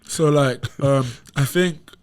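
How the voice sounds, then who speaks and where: A man's voice: on the high side, slow, clean tone. A young man from England with an English accent, a podcast guest chatting casually and telling stories with a lot of slang. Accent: English, London slang. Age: young adult. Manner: animated, laughing storyteller, heavy slang. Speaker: podcast guest, college basketball player. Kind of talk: casual chat.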